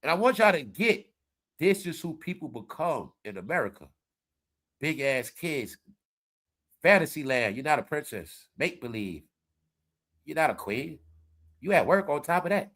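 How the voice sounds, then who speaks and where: High, bright-voiced man preaching to viewers. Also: moderate pace, long pauses. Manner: animated, preachy, talks straight to viewers. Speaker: commentary livestream host. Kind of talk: casual live commentary.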